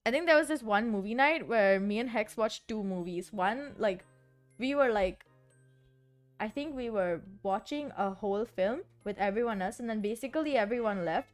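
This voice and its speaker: A woman's voice: medium pitch, moderate pace. A young woman streamer chatting casually and rambling, often giggling and saying "like". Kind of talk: casual chat while composing music. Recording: faint background music. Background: soft background music.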